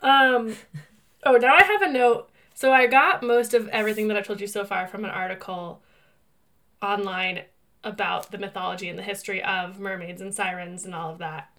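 A woman co-hosting a podcast in casual chat, telling stories in a rambling, animated way and often filling with "like.". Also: medium pitch, normal speed. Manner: chatty and rambling, heavy use of "like"; animated storyteller who laughs through her telling. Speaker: podcast co-host.

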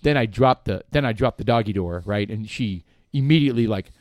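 A man co-hosting a casual podcast tells stories animatedly, swearing and laughing along the way. His voice is on the low side and brisk, in studio-quality sound with no echo.

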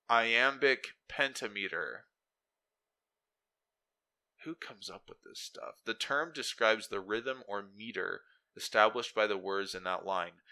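A man's voice: on the low side, pushed and bright. A man hosting a casual solo podcast, rambling and interrupting himself as he muses aloud and reads text off his screen. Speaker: podcast host.

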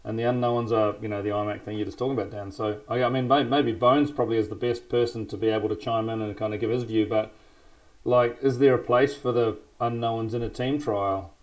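A man on a podcast, weighing ideas aloud with small restarts. His voice sits fairly low, and he talks at an everyday pace. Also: fairly even intonation, a little fast, low-quality recording. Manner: thoughtful, hesitant, with restarts. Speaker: podcast co-host. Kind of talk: casual discussion.

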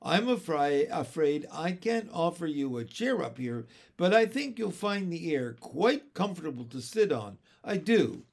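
A man voicing a jolly elderly uncle, hearty and booming, talking through fits of laughter. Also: big pitch swings, measured pace, gravelly, hardly any pauses, full character voice. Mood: jovial.

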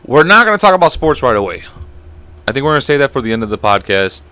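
Young male podcast host; fast, bright, crude storyteller, close dry mic. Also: medium pitch, clear, resonant tone, no echo. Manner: fast, animated storytelling with lots of swearing. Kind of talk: casual podcast chat.

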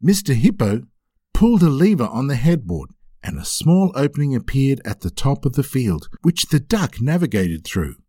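Lively man reading a children's story. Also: mid-range voice, normal speed, breathy edge, no echo, clean studio sound. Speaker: narrator.

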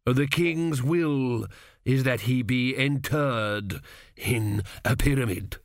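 A man voicing a grave, commanding old high priest. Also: takes it slowly, no echo, clean studio sound. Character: stern aged male high priest, cold.

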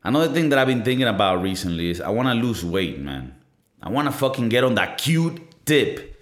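A man's voice: mid-range voice, sing-song, fairly quick. Rambling, profane man in his thirties. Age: 30s. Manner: rambling, profane, self-mocking. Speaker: podcast host. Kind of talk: casual solo podcast monologue. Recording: roomy echo.

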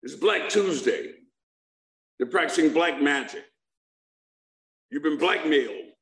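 A man's voice: fairly high pitch, lively intonation, slow, a bit bright. A middle-aged man telling a humorous personal recovery story to a live audience, joking and asking them questions. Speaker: speaker sharing his recovery story. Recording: echoey room.

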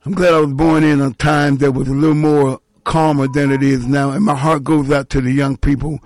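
A man's voice: medium pitch, little pitch movement, fairly quick, a little mellow. A man in his sixties, a talk show guest, speaking reflectively with frequent restarts. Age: 60s.

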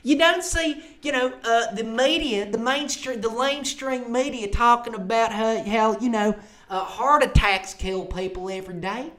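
A man putting on a mocking voice as a brash woman politician who spouts misinformation, in a loud, twangy drawl. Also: extremely high pitch, normal speed.

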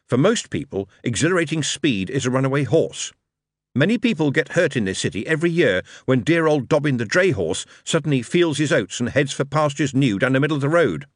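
A man's voice: medium pitch, no room sound, studio quality. A man voicing a glib, charming male showman who talks in a persuasive, theatrical, emphatic way.

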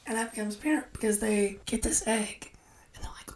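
A woman co-hosting a casual movie podcast, recapping plots in a relaxed way. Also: fairly high pitch, a little fast, in a whisper. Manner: relaxed, summarizes the plot. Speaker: podcast co-host.

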